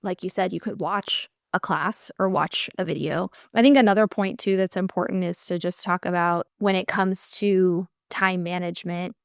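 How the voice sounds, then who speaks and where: An American woman gives encouraging advice on a podcast, thoughtful and easy to laugh. Her middle-pitched voice has a gravelly fry, and the recording is close and dry. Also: steady tone, moderate pace, few pauses, no echo. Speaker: co-host, dance instructor. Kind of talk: casual podcast chat.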